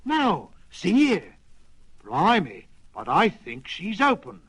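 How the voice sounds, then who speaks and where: A man voicing an excitable, sentimental dog who talks in street slang. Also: high voice, slow, slightly rough, no room sound, soft background music, heavily acted. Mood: wary. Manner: bellowing, tearful, slangy. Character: blustering Cockney-ish dog, sentimental and excitable.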